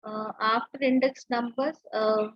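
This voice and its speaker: A woman's voice: a little high, steady tone, a little slow, no echo, dull audio. A woman teacher giving an online lecture, explaining step by step with frequent fillers and restarts.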